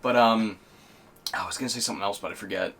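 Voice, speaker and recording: A man in his twenties, chatting casually as a podcast co-host, rambling and animated. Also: fairly low pitch, fast, a little hiss or hum. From Canada, Nova Scotia. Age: 20s. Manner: rambling, animated, puts on silly voices for quotes. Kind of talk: casual chat.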